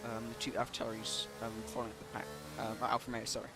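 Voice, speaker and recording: A man giving live commentary on an online racing league stream, with many ums and quick self-corrections. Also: mid-range voice, monotone, loud music behind the voice.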